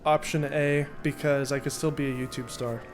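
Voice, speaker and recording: A man's voice: on the high side, fairly even intonation, moderate pace, soft background music. A young man chatting casually as an interview guest while playing a game, rambling and joking. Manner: laughing, rambling, jokey. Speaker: interview guest, magician and video maker. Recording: faint background noise.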